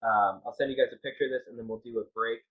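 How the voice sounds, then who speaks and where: A man's voice: medium pitch, steady tone, rapid-fire. A man narrating as game master for a tabletop game, hesitant with many ums and uhs. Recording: tinny call audio.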